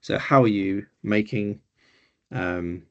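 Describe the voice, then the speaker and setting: A man's voice: lowish voice, takes it slowly, darkish tone, dull audio. A man teaching a beginners' language class, explaining patiently and hesitantly with frequent ums. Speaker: Greek teacher. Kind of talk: informal online class teaching.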